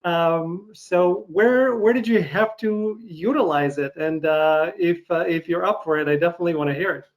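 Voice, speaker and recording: A male podcast host who is a native Russian speaker, asking questions in a halting way, full of "uh" and "um". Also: on the high side. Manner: halting, fills pauses with "uh" and "um". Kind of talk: casual interview.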